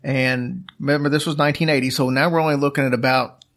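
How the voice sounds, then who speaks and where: A man's voice: mid-range voice, fairly even intonation, quick pace, a bit bright. A man casually telling a long story as a podcast host, rambling with fillers and restarts.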